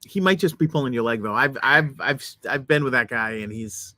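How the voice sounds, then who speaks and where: A man's voice: mid-range voice, a little fast, bright, forceful tone, no echo. A man co-hosting a podcast in casual chat, joking dryly and often restarting his sentences. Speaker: podcast co-host.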